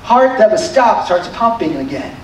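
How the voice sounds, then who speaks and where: A male pastor preaching a sermon in an animated, conversational storytelling manner, with added emphasis on key points. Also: high voice, normal speed, a little hiss or hum. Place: church sanctuary. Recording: very echoey hall, distant mic.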